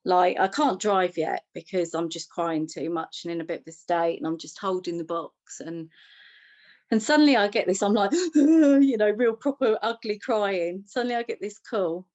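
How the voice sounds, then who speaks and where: A woman's voice: mid-range voice, normal speed, darkish tone, dry recording, low-quality recording. A woman telling personal stories in a chatty way, with humour and restarts. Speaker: podcast co-host. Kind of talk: personal storytelling in a conversation.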